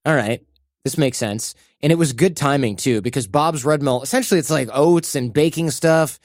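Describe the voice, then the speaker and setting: A man's voice: a little high, normal speed, darkish tone, no echo, clean studio sound. A man hosting a podcast, reading sponsor spots in a loose, chatty way and briefly acting out little quoted voices. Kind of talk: casual ad read with banter.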